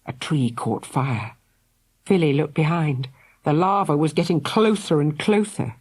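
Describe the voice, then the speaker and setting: A woman narrating a children's audiobook in a dramatic, expressive way. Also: sits low, unhurried, husky. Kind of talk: scripted narration.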